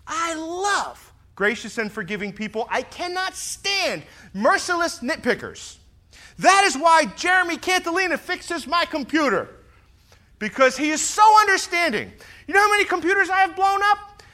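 A middle-aged man, a pastor who is also a fire lieutenant, preaching a sermon full of personal stories and acting out what people said, swinging from loud to soft. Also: extremely high pitch, sing-song, moderate pace.

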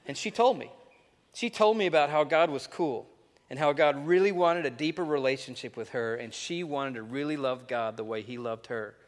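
A man preaching a sermon, telling a story with animated delivery and reading a letter aloud. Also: mid-range voice, normal speed. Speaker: pastor. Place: large church auditorium. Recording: echoey church hall.

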